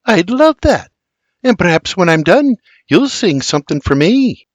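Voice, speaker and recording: A man doing a shy, breathy young woman. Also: high voice, sing-song, a little slow, no room sound, lo-fi sound, pitched above the performer's own voice. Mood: bashful. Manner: soft, breathy, bashful. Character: shy, sweet young colonial woman who loves singing.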